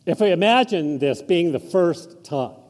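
A man's voice: on the high side, lively intonation, unhurried, a little mellow, in a large hall. A man preaching a conversational sermon as a pastor, informal and chuckling through asides. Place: church sanctuary.

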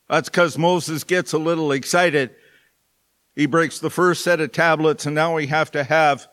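A man's voice: a little high, a bit bright. A male pastor preaching a sermon in church, with joking, folksy asides to the congregation.

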